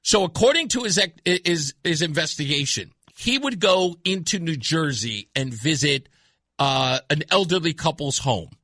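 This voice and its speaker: Excitable high-voiced talk radio host. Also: male voice, no echo, studio quality. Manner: excitable, fast storytelling with frequent restarts. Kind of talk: animated talk radio chat.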